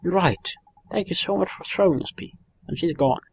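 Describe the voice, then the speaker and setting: A man's voice: high voice, normal speed, gravelly, slight background noise, pitched above the performer's own voice. A man reading the lines of a polite, earnest young boy hero. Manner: earnest, questioning.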